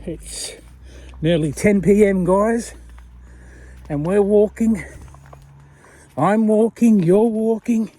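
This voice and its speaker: A man's voice: high voice, slow pace, long pauses, warm tone. A man talking to camera in a rambling, chatty way while walking down a street at night, laughing often. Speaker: vlogger. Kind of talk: casual walking vlog.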